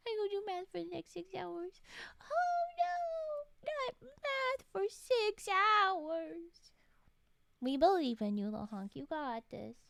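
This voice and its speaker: A woman live-streaming and chatting casually with her viewers, playfully teasing, talking softly, often murmuring or whispering, and sleepy. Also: high-pitched, no echo. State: sleepy, yawning. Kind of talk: casual live-stream chat while folding origami.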